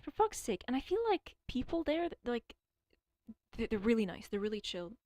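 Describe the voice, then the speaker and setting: A woman's voice: on the high side, very animated, moderate pace, dark tone, no echo. A young woman streaming alone, chatting casually and rambling, swearing often and stuttering at times. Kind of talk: casual livestream chat.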